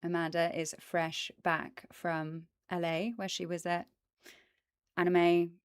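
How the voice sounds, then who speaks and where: A woman's voice: on the low side, level tone, measured pace, smooth, no room sound. A woman hosting a casual livestream, chatting enthusiastically with viewers and filling gaps with ums, close to a desk microphone. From British and American. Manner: chatty, enthusiastic, lots of ums and asides to chat. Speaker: voice actress hosting a plant stream. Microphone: desk microphone in front of her.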